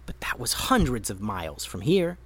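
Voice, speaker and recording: Animated male storyteller, dry close sound. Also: mid-range voice, moderate pace, breathy edge, dry recording. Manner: expressive, animated reading. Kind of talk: children's story narration.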